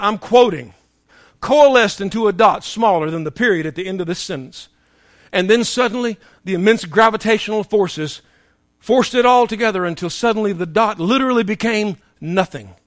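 A man preaching a sermon, emphatic and humorous, swinging between shouting and hushed tones as he tells stories. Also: high voice, lively intonation, moderate pace, no echo, clean studio sound. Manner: storytelling with humor.

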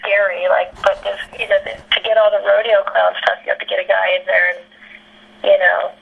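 An actress being interviewed, telling candid stories in a rambling, chatty way, full of fillers and laughter. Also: female voice, mid-range voice, little pitch movement, fairly quick, gravelly, slightly rough, narrow, tinny audio. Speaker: actress guest.

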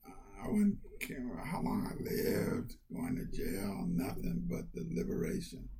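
An older man, a county councilmember, telling personal stories in an interview, animated and acting out family quotes. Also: low-pitched, a little slow, creaky. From United States. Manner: animated, lively storyteller who acts out family quotes. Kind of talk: conversational storytelling.

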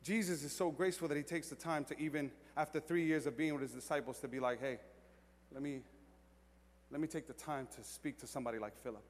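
A man preaching a sermon as pastor, moving from quiet reflection to loud, excited storytelling. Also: fairly high pitch, quick pace, big-room sound.

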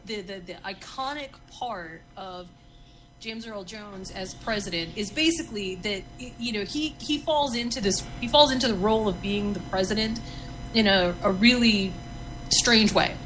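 A woman co-hosting a casual chat, recommending an old film with enthusiasm and a few halting restarts. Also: mid-range voice, fairly bright tone, slight background noise, low-quality recording. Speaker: podcast co-host.

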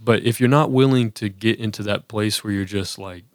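Guy rambling earnestly about faith, lowish voice, dry close sound. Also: normal speed, no room sound. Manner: earnest, rambling with many fillers and restarts. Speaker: podcast co-host. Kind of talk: casual faith discussion.

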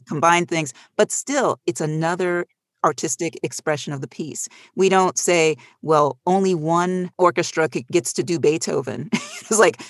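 A middle-aged audiobook narrator talking casually on a panel, telling animated stories with frequent laughs. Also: mid-range voice, no echo, studio quality.

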